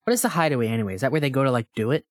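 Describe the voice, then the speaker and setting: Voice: mid-range voice, lively intonation, racing, dry recording, clean studio sound. A podcast host running a quiz on a co-host, in casual chat, playful and teasing.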